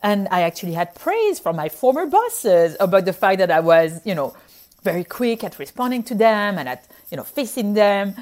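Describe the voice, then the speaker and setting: Animated French-accented woman doctor. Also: medium pitch, moderate pace. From France. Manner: animated, frequent "like" fillers, laughs often. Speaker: physician. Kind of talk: casual storytelling.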